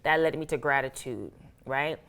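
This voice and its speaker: A woman with an American accent, an actress and author telling her story as an interview guest, animated and acting out her own past thoughts. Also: a bass voice, normal speed. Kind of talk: casual interview talk.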